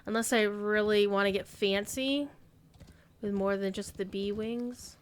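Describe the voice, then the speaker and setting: A woman's voice: medium pitch, fairly even intonation, measured pace, a little hiss or hum. A woman streaming a game, chatting casually and rambling as she thinks aloud. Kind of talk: casual gaming stream chat.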